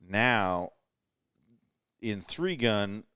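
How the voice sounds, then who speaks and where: A man in his thirties with a low voice tells self-deprecating stories in a relaxed late-night chat. The sound is close and dry, as if recorded around a table in a rental house. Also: extremely slow, clean tone, no echo. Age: 30s. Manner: self-deprecating storyteller, joking. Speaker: podcast guest shooter. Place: rental house living room.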